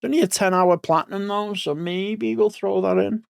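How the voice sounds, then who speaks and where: A man's voice: high voice, fairly even intonation, normal speed, gravelly, clean tone, no room sound, studio quality. A man in his forties giving casual gaming commentary as a streamer, rambling and thinking aloud, a bit sleepy. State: sleepy, yawning.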